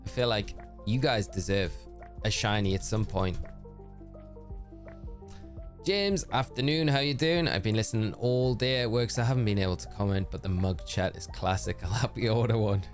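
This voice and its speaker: A man's voice: on the low side, moderate pace, soft background music. Upbeat man chatting on stream. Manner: chatty and upbeat, thanking viewers by name. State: tired voice. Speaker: gaming live streamer. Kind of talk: casual live-stream chat while gaming.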